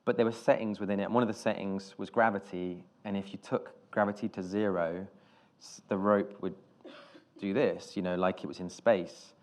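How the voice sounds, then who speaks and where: A British film director telling stories on stage in an interview, rambling and self-deprecating, with many restarts. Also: male voice, sits low, steady tone, moderate pace. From Britain.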